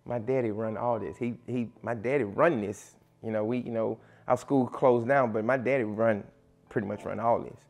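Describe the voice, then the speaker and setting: A man's voice: fairly low pitch, fairly even intonation, moderate pace, a little mellow, soft background music. A coach quoting a cocky teenage boy who brags and defies him, slightly raising his own voice. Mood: boastful. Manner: boastful, defiant.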